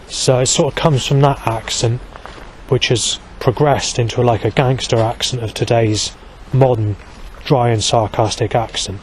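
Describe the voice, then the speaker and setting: A man's voice: mid-range voice, fairly even intonation, a little slow, slight background noise. A man talking in a long, rambling vlog monologue, swearing heavily and restarting sentences, with many fillers.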